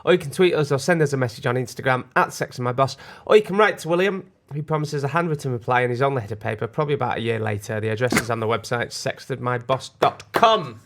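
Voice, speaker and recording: A man co-hosting a podcast in loose, casual banter. He tells stories quickly, with a mid-range voice, and often breaks off and restarts his sentences. A faint noise sits behind him. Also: mid-range voice, a bit bright. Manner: chatty, quick storytelling with restarts. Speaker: podcast co-host.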